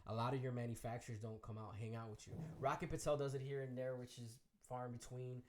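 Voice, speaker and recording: Fast-talking man telling a story. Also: mid-range voice, a little hiss or hum. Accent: Chicago. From Chicago area. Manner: animated storyteller, acts out quoted voices. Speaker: guest DJ. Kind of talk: casual interview storytelling.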